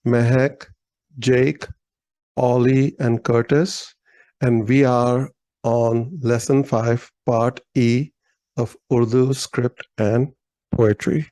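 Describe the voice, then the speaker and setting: A man's voice: medium pitch, level tone, drawn-out words, warm tone, dry recording, low-quality recording. A man teaching a language lesson over a video call, explaining letters patiently and methodically. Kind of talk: online lesson explaining script.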